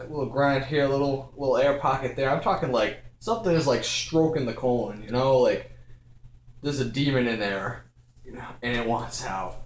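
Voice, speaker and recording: A young man telling a comic story from his own life, building to shouts and laughter as he acts it out. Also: medium pitch, echoey room. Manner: animated, escalating, acts out quotes with shouts and laughter.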